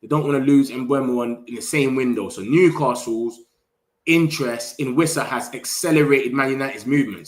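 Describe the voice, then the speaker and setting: A young man runs a casual live stream. He talks fast and slangy straight to the people in his chat and gets excited easily. His voice sits at a middle pitch. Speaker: football livestream host.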